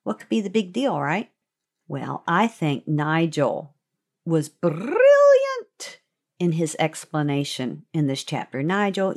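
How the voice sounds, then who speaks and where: Woman explaining history, conversational teaching, unhurried pace, lowish voice. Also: a little mellow. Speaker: teaching segment host.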